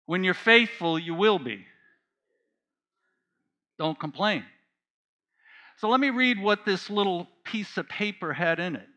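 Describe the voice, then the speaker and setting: A man's voice: high-pitched, lively intonation, unhurried, long pauses, sharp tone. A man preaching a sermon, telling a personal story with earnest feeling and repeating phrases for emphasis. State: choked up while reading.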